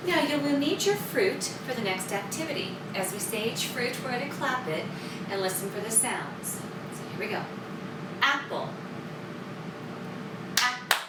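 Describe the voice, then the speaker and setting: A woman's voice: a little high, sing-song, normal speed. A woman teaching a children's music lesson, cheerful and sing-song, clapping out the words as she goes. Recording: roomy, distant mic, loud background noise.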